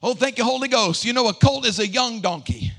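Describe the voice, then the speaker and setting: A pastor in his forties preaching a sermon in a church, shouting in a sing-song cadence. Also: very high voice, a little fast, gravelly. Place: church sanctuary.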